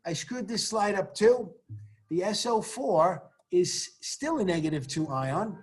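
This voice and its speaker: A man teaching chemistry in a recorded online lesson. He walks through the examples with joking asides and keeps urging students to say the formulas out loud. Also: sits high, expressive, a little slow. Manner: encouraging, coaching students to say formulas aloud.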